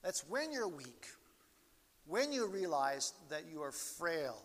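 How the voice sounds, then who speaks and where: A man preaching a sermon as pastor, slow and earnest, his voice swelling and falling in loudness as he stresses each point. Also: a little high, sing-song. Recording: long hall reverb.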